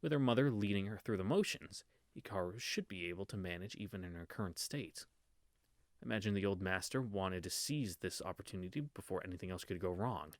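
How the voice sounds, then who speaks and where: Low-voiced man reading a story aloud. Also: fairly quick, dry recording, studio quality. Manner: stumbles on words and corrects himself with wry asides; swears casually in asides. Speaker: reader of a visual novel. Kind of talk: casual read-through of a story.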